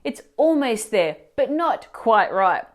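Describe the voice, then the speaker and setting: Lively, higher-voiced woman teacher. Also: slow pace. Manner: clear, instructive, asks the viewer questions. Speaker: language teacher. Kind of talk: scripted explanatory narration.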